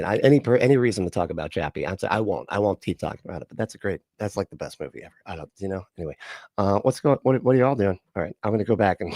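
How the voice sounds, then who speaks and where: A man's voice: on the low side, darkish tone, no room sound, studio quality. A man hosting a livestream, giving sarcastic, rambling reaction commentary and chatting with his viewers. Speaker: livestream host.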